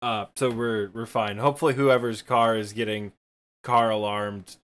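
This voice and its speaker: A man's voice: on the low side, steady tone, normal speed, a bit bright, clear, resonant tone. A man with a thick Michigan accent, co-hosting a podcast in casual, rambling chat full of fillers and self-deprecating asides. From Midwestern United States. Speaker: podcast co-host.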